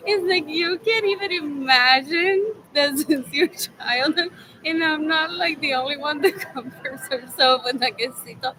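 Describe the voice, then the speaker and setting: High-voiced woman rambling, noisy room. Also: unhurried, pushed and bright. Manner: rambling, giggly, heavy use of "like". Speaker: vlogger. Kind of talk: casual rambling monologue. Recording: noisy background ambience.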